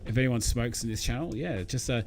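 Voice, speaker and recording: A man's voice: medium pitch, a little fast, creaky. A young Australian man chatting casually to viewers during a live build, rambling with lots of fillers. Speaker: streamer. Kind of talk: casual live-stream chat while building.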